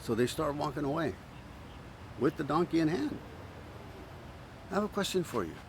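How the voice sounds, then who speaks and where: A man preaching a sermon with bouncing, animated pitch, his voice sitting a touch high. He tells the story playfully, slips into quoted voices, and restarts his words often. A faint hiss of background noise sits under him. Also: normal speed. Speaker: pastor.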